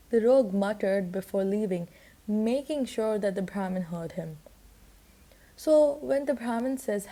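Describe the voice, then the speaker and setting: A woman teaching a children's story, reading passages and then explaining what they mean in a patient, unhurried way with occasional fillers. Her voice is mellow and soft-toned, with pitch in the middle range.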